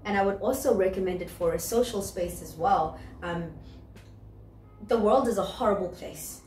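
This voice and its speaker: A woman's voice: medium pitch, moderate pace, a little mellow, far from the mic. A woman in her twenties with a South African accent, chatting candidly as host and sometimes searching for words. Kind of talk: casual chat. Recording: echoey room, voice off-mic, music behind.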